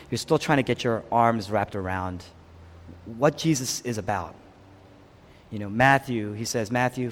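A man preaching a sermon with passion, rising to loud peaks and dropping to hushed lows. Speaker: pastor. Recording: long hall reverb.

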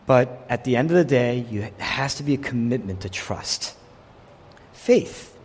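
A man preaching a sermon, delivering it in an animated way and voicing the people he quotes. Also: mid-range voice, a little slow, slight background noise. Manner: animated preaching, quotes figures in voiced asides. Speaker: pastor. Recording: long hall reverb.

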